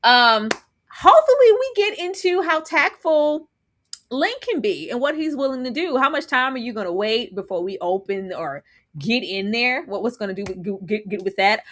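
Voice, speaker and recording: Animated woman recapping a TV episode. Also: fairly high pitch, moderate pace. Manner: animated, laughs often, acts out reactions. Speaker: co-host. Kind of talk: casual TV recap chat.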